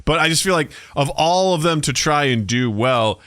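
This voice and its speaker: Bright-voiced man in casual podcast banter. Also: on the high side, expressive, moderate pace, dry recording, clean studio sound. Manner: rambling, profane, jokey. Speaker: podcast co-host. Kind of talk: casual chat.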